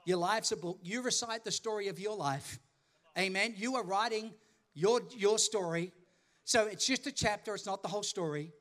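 A middle-aged Australian man preaching a sermon, telling a story with acted dialogue, calling for responses and building to emphatic shouts. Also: high-pitched, moderate pace. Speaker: pastor.

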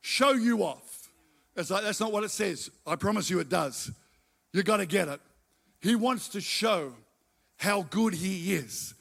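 A man's voice: high-pitched, expressive, a little slow, creaky, fairly bright tone. A middle-aged man preaching a sermon, emphatic and repeating his phrases as he tells his own story. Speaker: pastor.

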